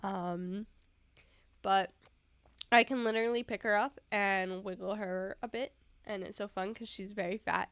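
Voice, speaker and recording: In a medium-pitched voice with no room sound, a young woman streams from indoors at home, casually chatting to her viewers. Sleepy, she yawns and giggles often.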